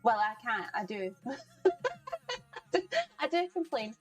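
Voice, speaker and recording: Woman cooking live on stream, kinda high voice, chatty, says hi to chat a lot. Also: lively intonation, slow pace, soft background music, rough recording. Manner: chatty, greets chat by name, laughs often. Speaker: livestream cooking host. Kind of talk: casual chat with viewers while cooking. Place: home kitchen.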